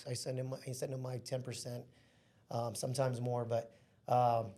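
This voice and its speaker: A man telling a personal story as a podcast guest, in an excitable, casual way full of slang. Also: mid-range voice, normal speed.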